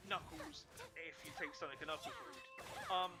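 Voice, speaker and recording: A man's voice: fairly high pitch, normal speed, loud music behind the voice. A man streaming a game, rambling and thinking aloud in casual commentary with many restarts.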